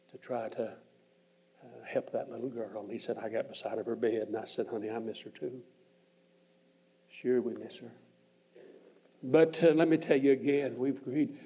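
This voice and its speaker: An older man preaching a sermon in a church, earnestly retelling a story and dropping into hushed, near-whispered passages. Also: medium pitch, slightly rough. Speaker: visiting preacher. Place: church sanctuary. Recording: muffled church archive recording.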